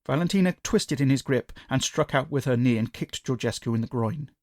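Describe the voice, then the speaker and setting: A man narrating a scripted horror story in a measured, dramatic way. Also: medium pitch, darkish tone, dry recording.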